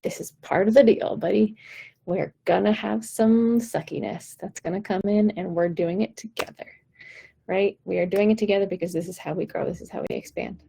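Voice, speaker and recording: A woman's voice: mid-range voice, moderate pace, vocal fry, slightly rough, poor audio. A woman vocal coach giving an encouraging, direct pep talk on a live stream. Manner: encouraging, warm-hearted, direct.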